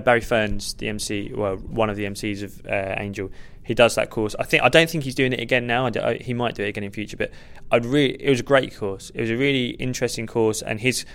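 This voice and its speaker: Candid comedian, gravelly low voice. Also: male voice, fairly bright tone. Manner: candid, self-deprecating, rambling. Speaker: stand-up comedian guest. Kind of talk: podcast interview answers.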